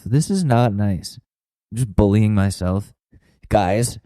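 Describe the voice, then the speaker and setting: A rambling, profane young podcast host. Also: male voice, lowish voice, measured pace, mellow, no echo, rough recording. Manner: rambling, self-mocking, profane. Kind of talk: rambling comedic monologue.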